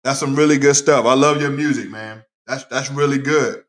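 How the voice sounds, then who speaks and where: Excitable sports-talk host, roomy echo. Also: male voice, medium pitch, normal speed. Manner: animated, talks to chat viewers by name. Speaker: podcast host. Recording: roomy echoey room.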